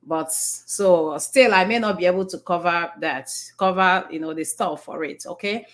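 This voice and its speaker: A woman's voice: lowish voice, moderate pace. A middle-aged woman with a Nigerian accent gives a conversational motivational talk, repeating herself, restarting sentences and asking the audience questions. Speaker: speaker addressing an audience.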